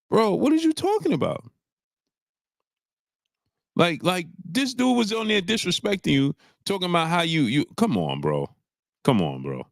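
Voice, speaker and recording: A man's voice: on the high side, gravelly, no echo. Exasperated male host, dry sound. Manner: animated, exasperated, drawn-out "bro". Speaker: livestream host. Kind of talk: casual boxing chat.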